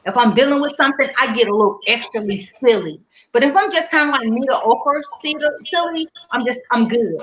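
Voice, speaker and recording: A woman hosting a live stream, chatting casually and greeting viewers, animated and silly, getting loud when excited. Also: on the high side, fairly quick, roomy sound, slight background noise, low-quality recording.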